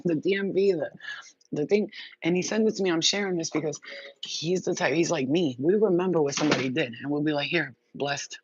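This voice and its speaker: A woman chatting casually on a livestream, rambling, swearing freely and laughing often. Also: low voice. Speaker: livestream host. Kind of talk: casual live-stream chat. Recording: muffled lo-fi audio with loud background noise.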